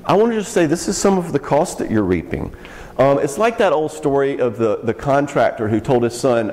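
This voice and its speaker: Male teacher, frank and wry, mid-pitched, in a hall with long reverb. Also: lively intonation, a little mellow. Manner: frank, joking, quick asides. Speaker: speaker teaching youth workers. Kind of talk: casual teaching talk.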